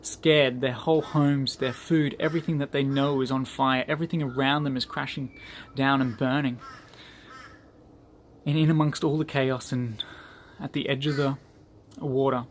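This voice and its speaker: A man's voice: mid-range voice, fairly even intonation, moderate pace, a little hiss or hum. A man giving an earnest motivational talk to his group, repeating phrases for emphasis. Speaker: group leader.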